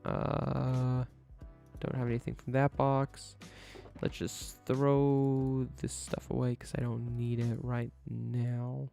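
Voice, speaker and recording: A man's voice: medium pitch, monotone, slow, vocal fry, mellow, soft background music. Chatty man streaming a building game. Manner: chatty, thinks aloud, talks to himself. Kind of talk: casual live-stream chat while building.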